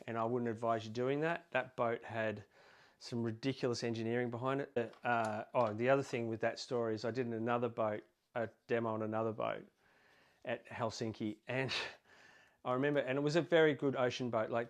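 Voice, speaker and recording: A man with an Australian accent, explaining boat handling casually through anecdotes, rambling with fillers and restarts. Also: mid-range voice. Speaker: boating instructor.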